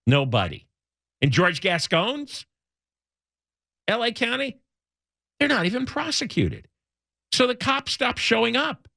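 Middle-aged male radio host, bright high voice with big swings in pitch, sarcastic and indignant, dry close mic. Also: big pitch swings, measured pace, vocal fry, pauses often, dry recording. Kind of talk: opinionated talk radio monologue.

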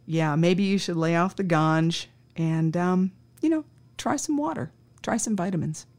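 A woman's voice: on the low side, measured pace, a little mellow. A woman podcast host telling a true-crime anecdote in a wry, conversational way, acting out the dialogue.

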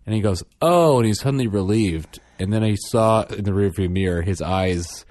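A man's voice: moderate pace, no room sound. A man and father, casually telling a story on a podcast and acting out the quotes in his anecdote. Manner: animated, acts out quotes in higher and lower voices. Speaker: podcast co-host.

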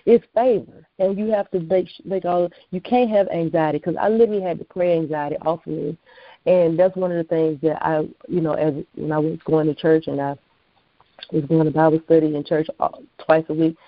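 A woman's voice: low voice, creaky, dry recording. An American woman, a guest author and minister, giving earnest personal testimony on a call-in show. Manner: earnest, preacherly, plainspoken. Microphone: phone. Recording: dull dry phone line.

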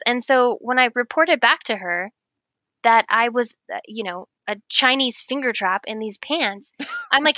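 Guest: woman, higher bright voice, lively storyteller, dry close sound. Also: a little slow, no echo. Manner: animated, laughs often, acts out quoted lines. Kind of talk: casual storytelling.

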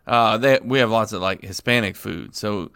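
Man, casual podcast banter, animated, crude, bright voice, dry sound. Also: moderate pace, vocal fry, clear, resonant tone, dry recording. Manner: animated, swears a lot, voice jumps up high when arguing. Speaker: podcast co-host. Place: Central Florida.

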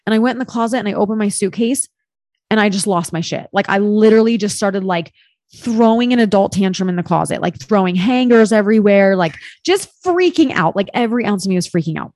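As a podcast guest, a woman tells a personal story in casual chat, candid and expressive, swearing freely and filling her speech with "like". She speaks fast in a mid-range voice. The sound is clean studio audio with no room sound.

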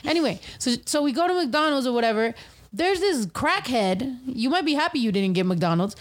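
A woman's voice: sits high, animated, moderate pace. Profane young woman telling a story. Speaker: podcast host and rapper. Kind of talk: casual storytelling chat.

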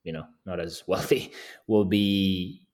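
A man's voice: sits low, takes it slowly, a little mellow. A man speaking as a podcast guest in a casual, easygoing way, often chuckling between thoughts. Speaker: guest landscape photographer.

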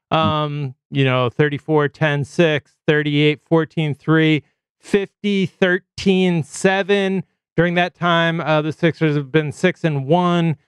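A man's voice: on the high side, clean tone, dry recording. Chatty man hosting a sports podcast. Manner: chatty, reels off stats with fillers. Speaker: podcast host. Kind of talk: casual sports podcast chat.

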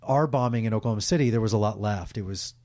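Man, middle-aged, low voice, candid rambling storyteller, dry recording. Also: fast, darkish tone, no echo. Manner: emotional, candid, rambling with restarts. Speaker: guest, sportscaster. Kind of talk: casual interview storytelling.

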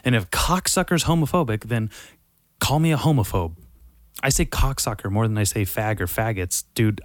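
A man hosting a podcast, ranting in a heated, profane and sarcastic way, swinging from loud outbursts to muttering. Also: mid-range voice, no room sound, studio quality. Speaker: podcast host. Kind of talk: casual profane rant.

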